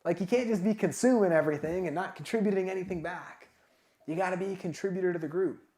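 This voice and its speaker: A man giving a casual, energetic motivational talk at a sales summit, full of filler words like "like" and "man". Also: high-pitched, fast talker. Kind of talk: motivational talk to a live audience. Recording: echoey event room.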